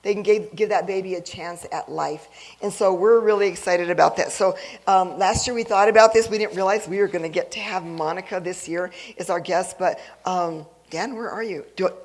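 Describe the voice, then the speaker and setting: Eager, halting gala emcee. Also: mid-range voice, low-quality recording. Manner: eager and halting, with frequent restarts. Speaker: event emcee. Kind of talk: introducing a speaker at a gala.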